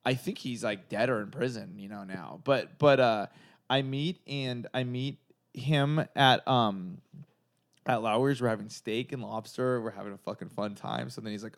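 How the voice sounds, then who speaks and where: Guy from socal rambling thru a crazy story, lots of likes and f-words, normal-pitched voice. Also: moderate pace, creaky. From San Gabriel Valley, California. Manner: rambling, swearing, heavy filler words. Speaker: comedian guest. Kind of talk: casual storytelling chat.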